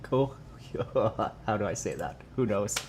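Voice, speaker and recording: A man's voice: fairly low pitch, expressive, slow, darkish tone, slight background noise. A young man chatting casually on a livestream from his home workout space, reading viewer comments aloud and answering them. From Canada. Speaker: livestreamer and lifter.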